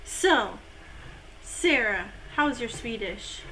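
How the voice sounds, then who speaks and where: A woman's voice: fairly high pitch, expressive, drawn-out words, bright, forceful tone, a little hiss or hum. A woman hosting a casual live-stream chat, playful and teasing with her co-host.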